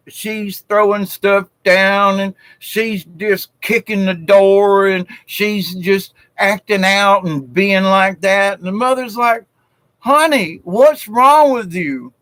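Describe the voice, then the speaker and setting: On a live stream, a South Georgia man tells jokes in a folksy, chuckling manner, full of fillers, in casual chat. His voice sits high and a bit bright, and the recording is dry and poor.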